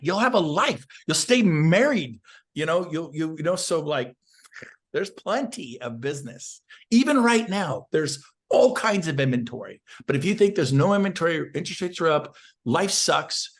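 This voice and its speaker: A man's voice: fairly high pitch, expressive, moderate pace. A man, a real estate agent guest, giving intense, fired-up sales advice on a podcast interview.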